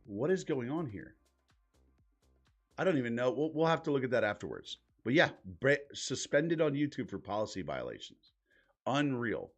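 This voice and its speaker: A man's voice: mid-range voice, very animated, moderate pace, faint music behind. Exasperated, profane man on a live stream. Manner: profane, exasperated, thinking aloud while clicking around. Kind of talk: casual live-stream commentary.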